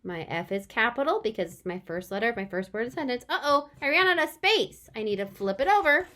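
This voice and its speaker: A young woman teacher giving a remote lesson to young children, sounding out words and reacting with big, animated surprise. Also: a little high, fast talker.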